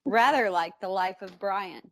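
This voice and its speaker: A woman's voice: medium pitch, unhurried, fairly bright tone, slight background noise. A woman from Texas with a Texan accent, co-hosting a podcast in brash, joking casual chat. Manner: brash, joking, swears freely. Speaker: podcast co-host.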